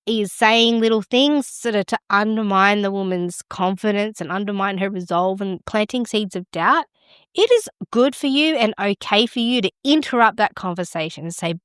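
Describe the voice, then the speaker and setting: A woman's voice: medium pitch, moderate pace, a bit bright, smooth, no echo, clean studio sound. A middle-aged woman hosting a midwifery podcast, giving frank, encouraging advice in a conversational way. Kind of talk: casual advice talk.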